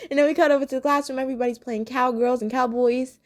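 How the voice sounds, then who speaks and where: Giggly young woman, slightly high voice. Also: steady tone, fast talker. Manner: chatty and giggly, many ums and restarts. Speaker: episode reviewer. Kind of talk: casual chat.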